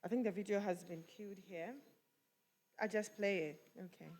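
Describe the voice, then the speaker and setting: A woman acting as master of ceremonies, making brisk practical announcements. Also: medium pitch, fairly even intonation, a little mellow. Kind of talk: event hosting. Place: large conference hall. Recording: reverberant conference hall.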